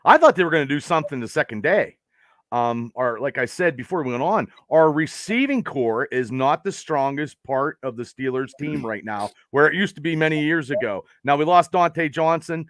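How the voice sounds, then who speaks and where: Male guest, relaxed and upbeat fan, somewhat high voice, dry close recording. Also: normal speed, no room sound. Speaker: podcast guest. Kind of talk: casual chat.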